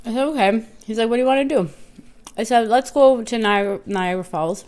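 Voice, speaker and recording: A woman talking casually into the camera during an eating show, telling a story in a loose, rambling way. She quotes herself and others as she goes and keeps a relaxed, chatty flow. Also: fairly high pitch, fast talker, a little hiss or hum. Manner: chatty filler-heavy talk with restarts. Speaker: mukbang vlogger.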